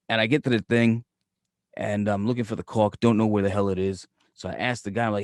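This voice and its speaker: A man's voice: fast talker, dry recording, clean studio sound. A man co-hosting a podcast, telling rambling stories with lots of swearing. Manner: profane, rambling, mumbled low asides. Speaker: podcast co-host. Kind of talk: casual chat, storytelling.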